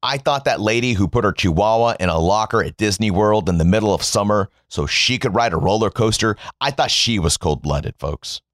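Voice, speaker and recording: A man's voice: on the low side, expressive, fairly quick, few pauses, fairly bright tone, no echo, clean studio sound. A man from the United States delivering a sarcastic, profane opinion monologue as a political commentator.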